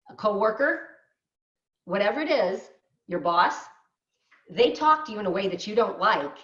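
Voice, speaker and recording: An older woman from the United States, a business owner giving a motivational talk and acting out quoted voices as she tells stories. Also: mid-range voice. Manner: lively storyteller, acts out quoted voices. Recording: dull echoey room sound.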